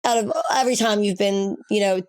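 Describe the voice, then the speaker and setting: A woman speaks in relaxed podcast conversation at an ordinary pitch for a woman. She talks haltingly and often restarts her sentences. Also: clean tone, dry recording. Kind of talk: casual conversation.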